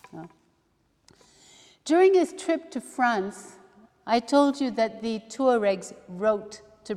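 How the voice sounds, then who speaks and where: A woman, a religious sister, leading a study day, talking slowly and thoughtfully with soft asides as she reads aloud. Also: mid-range voice. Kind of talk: reflective teaching talk with readings. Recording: long hall reverb.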